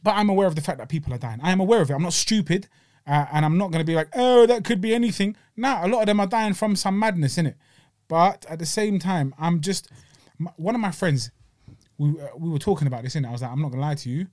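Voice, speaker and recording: A London man co-hosting a podcast, his voice sitting high. He talks in animated, slang-heavy bursts and leans hard on every point. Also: fast. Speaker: podcast co-host. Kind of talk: casual chat.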